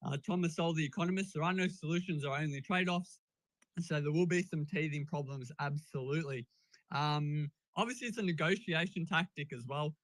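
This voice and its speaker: A man with an Australian accent speaking as a guest on a live audio chat, measured with hesitant fillers and wry asides. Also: a little high, a bit bright, no room sound, rough recording. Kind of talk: casual opinion talk.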